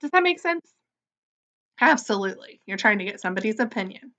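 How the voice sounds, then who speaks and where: A woman teaching an early-grade writing lesson, spelling words sound by sound and gently asking and answering her own questions. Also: mid-range voice, sing-song. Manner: slow, sound-by-sound spelling for young children; gently encouraging, asks questions and answers them.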